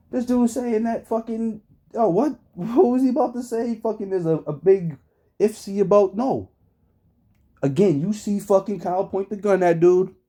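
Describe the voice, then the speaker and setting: A man streaming, giving profane casual commentary full of slang and frequent laughter. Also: high-pitched. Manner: animated, swears constantly, laughs often, slangy. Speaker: streamer reacting to a trial.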